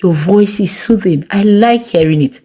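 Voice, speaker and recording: A woman doing a warm, flattering male suitor. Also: medium pitch, normal speed, breathy edge, natural voice. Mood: flirty. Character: charming smooth-talking male online suitor.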